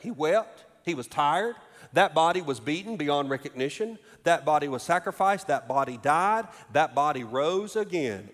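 High-voiced pastor preaching in a hall. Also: male voice. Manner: builds from quiet asides to raised, emphatic preaching. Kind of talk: sermon. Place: church sanctuary. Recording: reverberant hall.

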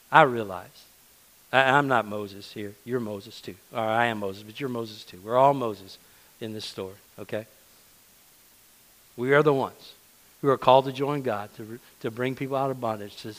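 Male preacher, mid-pitched, conversational sermon, earnest and repetitive. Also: poor audio. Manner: conversational, earnest, repeats words when emphasizing.

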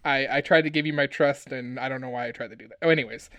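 A man co-hosting a casual pop-culture podcast, talking in excitable, joking rants. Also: mid-range voice, fast, no echo, muffled recording. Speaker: podcast co-host.

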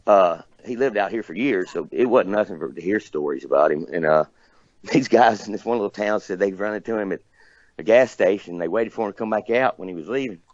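A man from near Nashville, Tennessee, appears as a guest and casually tells a rambling story, swearing and laughing a lot. His voice sits on the low side and moves fairly quickly, captured in a dry, lo-fi recording.

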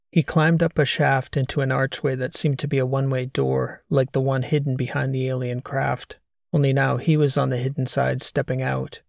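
An audiobook narrator reads scripted narration in a gravelly, mid-range male voice. His storytelling is measured and even, recorded clean in a studio with no room sound.

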